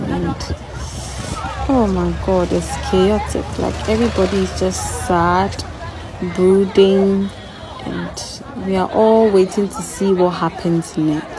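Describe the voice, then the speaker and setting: A woman vlogs on her phone at an outdoor venue, talking in an indignant, exclaiming way. A crowd can be clearly heard around her. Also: medium pitch, low-quality recording. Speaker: vlogger at an event. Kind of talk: casual outdoor vlog commentary.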